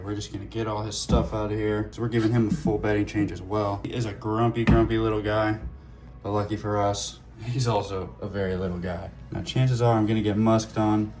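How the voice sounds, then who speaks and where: Chatty man vlogging his reptiles. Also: fairly low pitch. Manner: chatty, jokey, talks to his snakes. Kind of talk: casual vlog.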